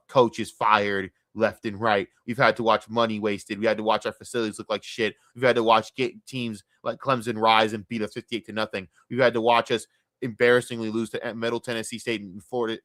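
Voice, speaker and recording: A man's voice: mid-range voice, no room sound. Young guy streamer rambling and cussing about his teams, punchy tense voice, dry sound. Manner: excitable, profane, rambling. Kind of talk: casual sports rant.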